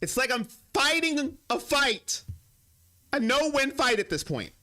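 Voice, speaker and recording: A young man runs a sports live stream, talking straight to his chat in a casual, emotional way. His voice sits very high for a man and swings up and down a lot. It comes across bright and forceful. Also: sing-song, measured pace.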